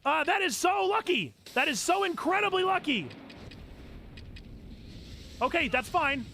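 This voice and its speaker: A young man streaming a video game live, commenting as he plays and breaking into excited shouts. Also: extremely high pitch, measured pace, vocal fry, a little hiss or hum.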